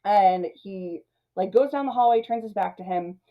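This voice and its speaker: A woman's voice: medium pitch, moderate pace, muffled recording. A woman hosting a movie review, recapping the plot in a chatty way, laughing often and leaning on "like" and "you know.".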